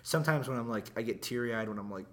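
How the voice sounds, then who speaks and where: A man's voice: medium pitch, fast. A teenage guy in casual chat, laid-back and teasing, laughing often.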